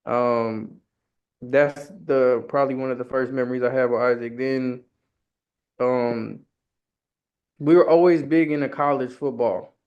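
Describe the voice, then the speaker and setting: A man from New York, mid-pitched, telling stories in a casual podcast chat. He swears freely and acts out what his friends said. The sound is a little dull, as from a lo-fi recording. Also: fairly even intonation, measured pace, long pauses. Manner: profane, storytelling, imitates friends. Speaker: podcast co-host.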